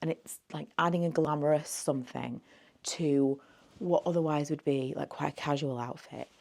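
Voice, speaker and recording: A woman's voice: low-pitched, normal speed, vocal fry, a little mellow. A woman near forty, chatting casually through a thrift haul, rambling and a little slurred as if just woken. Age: late 30s. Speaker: beauty vlogger.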